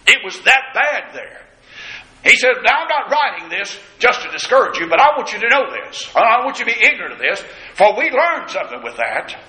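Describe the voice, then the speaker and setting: Man preaching, high sharp voice, big swoops, dramatic, church echo all around. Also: big pitch swings, fairly quick. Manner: dramatic preaching, acting out the scripture quotes. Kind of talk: sermon. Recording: echoey church room.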